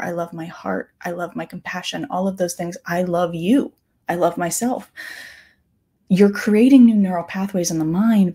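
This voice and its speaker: A woman in her thirties talks into her podcast mic in an earnest, confiding tone. Her voice is somewhat low, mellow and dark, with a husky edge. She often slows right down to stress a point. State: close to tears at times. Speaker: podcast host. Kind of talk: reflective personal talk.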